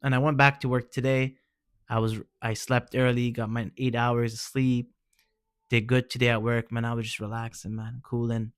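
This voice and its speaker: A man in a mid-pitched voice talks straight to the listener in an easygoing, earnest way, full of slang and encouragement. His voice is recorded dry and close, with no room sound around it. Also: flat delivery, normal speed, clean tone, dry recording. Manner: informal, peppers speech with "man" and "bro". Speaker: vlogger sharing personal experience. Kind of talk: casual heartfelt advice talk.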